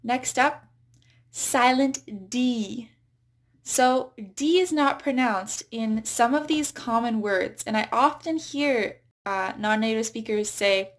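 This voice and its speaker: Brief: female English teacher, unhurried and precise, slightly high-pitched. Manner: slow, careful, stresses example words. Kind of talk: pronunciation lesson.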